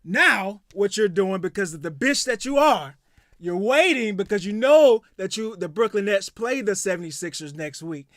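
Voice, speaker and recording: A man's voice: sits high, expressive, normal speed, fairly bright tone, no room sound, studio quality. A man co-hosting a casual sports podcast, going into a heated, profane rant. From United States. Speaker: podcast co-host.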